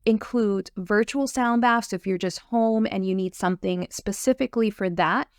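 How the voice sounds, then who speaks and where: Woman host, upbeat promo talk, some vocal fry, mid pitch. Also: normal speed, no room sound, clean studio sound. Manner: upbeat, eager, fillers and restarts. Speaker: host, sound therapy course creator. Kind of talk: enthusiastic course promo chat.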